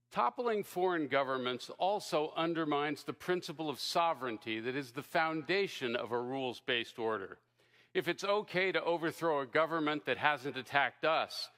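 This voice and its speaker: A man giving a formal opening speech in a debate, measured and emphatic, delivered at a podium mic before a live audience in a large hall. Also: on the high side, sharp tone.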